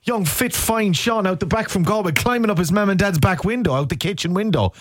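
A man's voice: sits high, fairly quick, dry recording, studio quality. A middle-aged Irish man hosting a radio show, chatting playfully and slipping into comic voices. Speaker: radio host. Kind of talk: casual radio chat.

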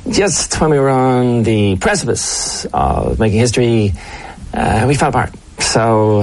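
A man hosts a sports radio show in a comedy sketch. His voice sits at an ordinary middle pitch. He talks hesitantly, filling gaps with fillers and drawn-out pauses. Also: sing-song, vocal fry, darkish tone.

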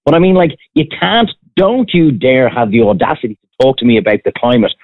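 A man's voice: mid-range voice, big pitch swings, a little fast. An Irish man, a former restaurant owner, ranting bluntly in a casual chat as a podcast co-host. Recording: dry, phone-like band.

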